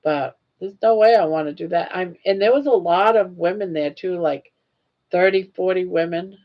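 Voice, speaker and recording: On a casual livestream, an older female host tells stories chattily and laughs a lot. Her fairly low voice moves at a moderate pace, and the recording is muffled.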